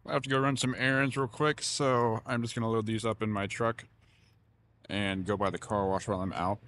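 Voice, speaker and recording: Low-voiced man narrating repair work. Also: steady tone, fairly quick, fairly bright tone, a little hiss or hum. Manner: plain, matter-of-fact, thinks aloud while working. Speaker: small-engine repair YouTuber. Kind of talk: casual workshop narration.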